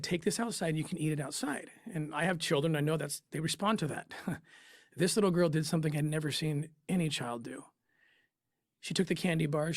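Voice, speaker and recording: A man in an interview, telling a personal story in an emotional, halting way with pauses and restarts. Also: fairly high pitch, no room sound, studio quality. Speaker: interview guest, former undercover operative.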